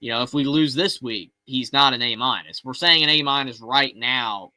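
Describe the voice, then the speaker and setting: A man co-hosting a sports call-in show, rambling excitedly and often restarting his sentences. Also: medium pitch, normal speed, no echo, poor audio. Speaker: co-host of a fan call-in show. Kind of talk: casual sports talk.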